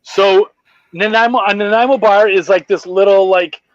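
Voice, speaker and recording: A Canadian man hosting a casual podcast chat, excitable and swearing freely as he talks. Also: high-pitched, normal speed, dry recording, dull audio. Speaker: podcast host.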